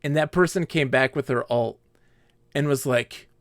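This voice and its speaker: A man's voice: medium pitch, normal speed, dry recording. Chatty male game streamer, dry mic. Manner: animated storytelling, acts out quoted players. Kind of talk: casual live-stream chat while gaming.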